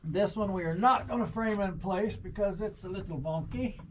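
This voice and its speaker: A man's voice: high-pitched, moderate pace. A young man, a carpenter, chatting and cracking jokes while he works, explaining things casually. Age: young adult. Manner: joking, easygoing, explains as he works. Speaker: carpenter and vlog host. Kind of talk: casual on-the-job vlog chat. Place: outdoors on a cold construction site by a river. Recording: outdoor noise, loud work-site ambience.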